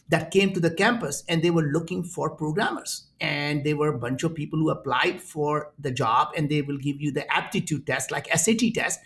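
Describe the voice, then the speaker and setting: Indian man in his 60s, entrepreneur guest, lively anecdotes with acted-out voices. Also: a little high, gravelly. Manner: animated, acts out quoted voices in his stories. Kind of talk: storytelling in an interview.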